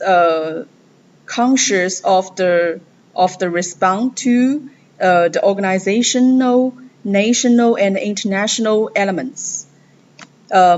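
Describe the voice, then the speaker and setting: Halting woman giving a class presentation. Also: mid-range voice, a little mellow. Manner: halting, many pauses and restarts. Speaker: student presenter. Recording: dull lo-fi recording with faint noise.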